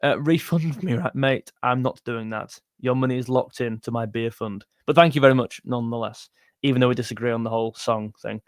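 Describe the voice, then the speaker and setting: The young man hosting this music livestream reads viewer comments chattily, teasing a bit and saying mate. He talks briskly in a medium pitch. There's no room sound, and the audio is clean studio quality.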